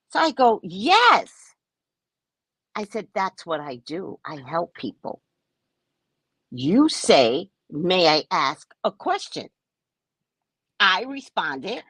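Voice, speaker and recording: A woman's voice: on the low side, big pitch swings, slow, pauses often, fairly bright tone, slightly rough, no echo. A woman psychic reader telling a story on a casual live stream, brash, profane and mocking.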